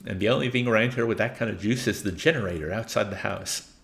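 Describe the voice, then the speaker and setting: A man's voice: lowish voice, quick pace, vocal fry, fairly bright tone, a little hiss or hum. A man reading as a lonely old robot inventor. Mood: cautioning. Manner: reads game text aloud, earnest and warning. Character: lonely older male robot inventor, fretful.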